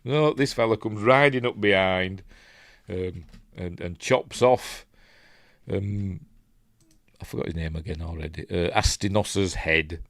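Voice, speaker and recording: A film-reviewing host from Yorkshire, England, speaks unhurriedly in a low, slightly bright voice over clean studio sound with no room sound. His casual breakdown of a film includes reading live chat in a rambling, chatty way that keeps losing its place.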